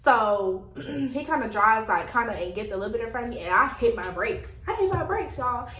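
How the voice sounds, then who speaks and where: A young woman tells a story to her viewers in a casual vlog. She talks in an animated way, laughs a lot and keeps calling out to her viewers. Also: on the high side, normal speed, echoey room, far from the mic, low-quality recording. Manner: animated, laughing often, addresses viewers as y'all. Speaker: vlogger.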